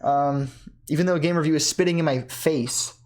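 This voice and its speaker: In a mid-range voice, a chess player narrates their own game from home in a casual way. They think out loud, catch and correct themselves fast, and erupt into excitement now and then.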